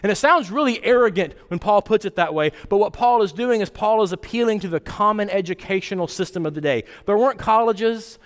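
Male pastor, high voice, casual storytelling sermon, long hall echo. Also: a little fast, few pauses. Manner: animated storytelling, acts out quotes with pitch jumps.

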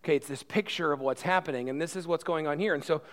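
A man preaching a sermon who swings between quiet asides and loud emphatic passages, repeating words as he builds. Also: a little high, fast. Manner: repeats and restarts words when worked up. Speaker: pastor.

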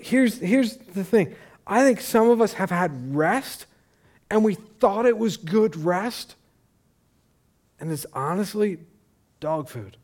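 A middle-aged male pastor preaching a sermon, telling a story in a casual, animated way with asides and restarts. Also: sits high.

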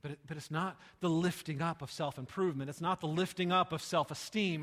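A man preaching a sermon with passion, swinging between hushed lines and loud ones and often repeating his words. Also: a little high, steady tone, a little fast, few pauses. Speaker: pastor. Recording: long reverb of a large hall.

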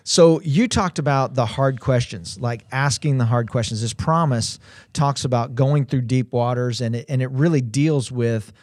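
A man co-hosting a Christian livestream, speaking in a slow, reflective way with occasional playful asides. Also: mid-range voice, darkish tone, dry recording, clean studio sound. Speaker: co-host of a faith livestream. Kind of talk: conversational Christian teaching.

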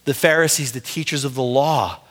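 A male pastor delivering an impassioned sermon, speaking straight to his congregation and swinging between quiet gravity and rising urgency. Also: medium pitch, brisk. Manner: impassioned preaching, rising and falling intensity; direct address to congregation as "beloved".

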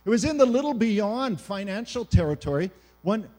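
A middle-aged male pastor, from Canada, giving a sermon in an animated way, swinging from loud emphasis to hushed quiet. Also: sits high, moderate pace.

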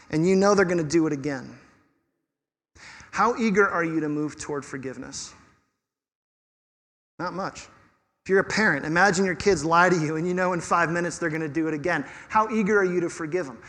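A pastor preaching a sermon in an animated, conversational way with touches of humor. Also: male voice, high voice, long reverb tail.

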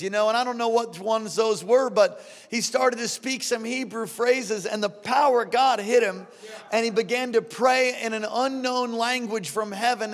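A man preaching a sermon as pastor, fervent and exhorting, rising to shouts at times. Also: very high voice, big-room sound.

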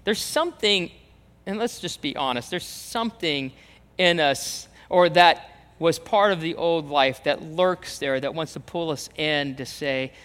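A man's voice: a little high, a little slow, a bit bright, clear, resonant tone. A man preaching a sermon as pastor, emphatic, repeating phrases and acting out the voices he quotes. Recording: reverberant hall, long echo.

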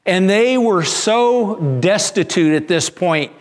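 A man's voice: sits high, expressive, slow. A man pastor preaching a sermon, telling a story with frequent restarts and repeated words.

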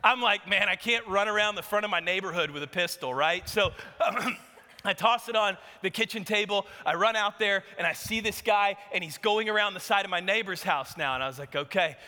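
A man preaching a sermon, telling a story with animated, emphatic delivery. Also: high voice, a little fast. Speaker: pastor. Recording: long hall reverb.

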